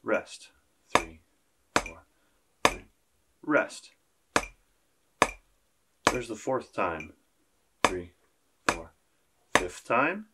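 A man's voice: low-pitched, animated, very slow, pauses often, heavy background noise. A man teaching a beginner percussion lesson, counting beats aloud and joking with his students. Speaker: school band teacher.

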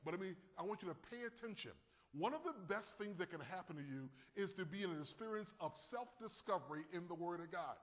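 A man preaching a sermon, animated and calling on his listeners to answer and raise their hands. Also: sits high, fairly quick, big-room sound. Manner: animated, calls on the audience to respond.

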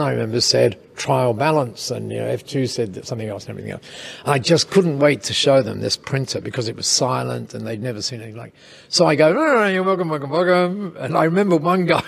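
A man telling a casual anecdote in an interview, lively, with chuckles and quick asides. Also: medium pitch, vocal fry, slightly rough. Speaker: interview guest, storyteller.

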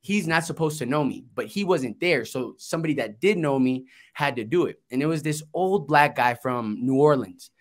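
Man guest, grew up in Florida, easygoing storyteller, salty language, plays out conversations, average pitch. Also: expressive, moderate pace, hardly any pauses. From Florida, United States. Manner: laid-back, swears, acts out quoted dialogue. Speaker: guest, investing entrepreneur. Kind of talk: casual storytelling interview.

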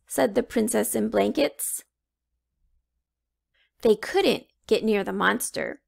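A woman reading a children's storybook aloud, slow and expressive. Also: medium pitch, vocal fry. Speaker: children's book reader.

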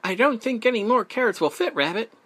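A man voicing a fussy, worried male squirrel who talks quickly and anxiously. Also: high voice, lively intonation, a bit bright, voice pushed up.

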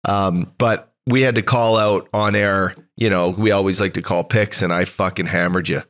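A man's voice: low voice, steady tone, moderate pace, fairly bright tone. A man from Edmonton co-hosting a podcast, chatting casually with enthusiasm and plenty of swearing. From Edmonton, Canada. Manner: swearing, enthusiastic, thanks people. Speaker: podcast co-host. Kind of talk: casual chat.

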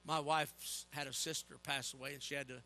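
An older man preaching a sermon, telling animated personal stories with humor and calling for "Amen?" from the congregation. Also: mid-range voice, a little fast, vocal fry, a little hiss or hum.

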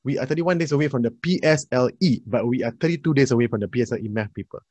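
A man, an energetic, chatty math tutor leading a live online class and addressing his students directly. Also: mid-range voice, very fast, no echo.

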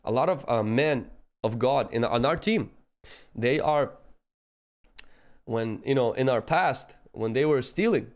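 A man's voice: medium pitch, expressive, moderate pace. A man preaching a sermon, telling personal stories and acting out the people he quotes in an earnest way. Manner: earnest, acts out quoted voices.

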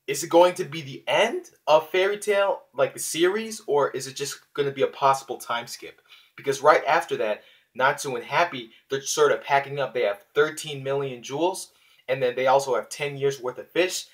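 Excitable man reviewing manga. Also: medium pitch, normal speed. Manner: excitable, lots of fillers and restarts. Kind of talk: casual video review.

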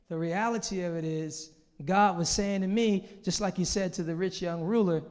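A high-voiced male pastor from Los Angeles preaches to his congregation, moving from quiet, tearful confession to shouted exclamation. His voice rings with a long reverb in a large church hall. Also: normal speed. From Los Angeles, USA. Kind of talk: sermon.

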